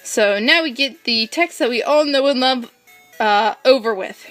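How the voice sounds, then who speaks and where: A woman's voice: fairly high pitch, measured pace, fairly bright tone, faint music behind. A woman hosting a casual game playthrough, chatty and upbeat as she explains the mechanics. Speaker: let's play host. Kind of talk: casual gameplay commentary.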